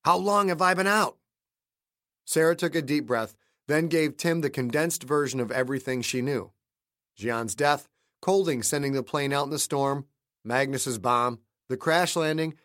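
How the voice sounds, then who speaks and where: Narrateur au son sec et proche. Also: male voice, mid-range voice, fairly bright tone, no echo, studio quality. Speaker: audiobook narrator and author. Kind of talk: scripted narration.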